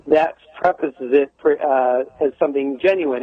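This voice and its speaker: A man appearing as an expert guest on a radio show, explaining calmly and acting out example phrasings. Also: medium pitch, normal speed, hardly any pauses, no echo. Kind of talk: radio phone interview. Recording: phone line.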